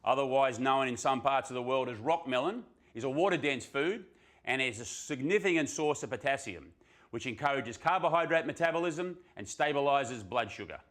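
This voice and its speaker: A man's voice: mid-range voice, expressive, normal speed, fairly bright tone. Chatty man hosting a health show. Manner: chatty, upbeat. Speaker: host. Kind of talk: casual presenting.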